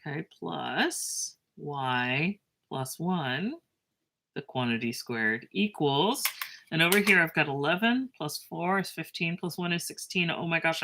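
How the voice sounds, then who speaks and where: Chatty low-voiced woman teaching math. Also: unhurried. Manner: chatty, self-mocking, lively asides. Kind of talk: casual math lesson.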